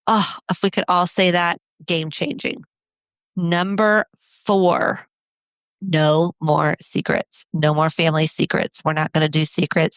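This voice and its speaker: A woman's voice: low voice, smooth, no echo, lo-fi sound. Earnest encouraging woman podcast host. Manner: earnest and encouraging, counts points off slowly. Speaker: podcast host and family therapist. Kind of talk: solo podcast talk.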